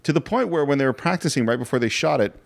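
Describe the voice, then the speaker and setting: An animated man on a film podcast, his pitch rising and falling as he walks through scenes. He talks in an earnest, detailed way, carried along by the story. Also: fast talker, gravelly. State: moved, emotional. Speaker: podcast co-host. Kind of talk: casual film discussion.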